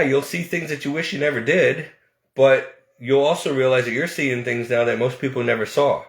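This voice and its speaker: Earnest pleading man in an echoey room. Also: medium pitch. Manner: earnest and pleading, with halting restarts and nervous laughs. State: close to tears at moments. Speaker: online preacher giving testimony. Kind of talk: emotional personal testimony to viewers.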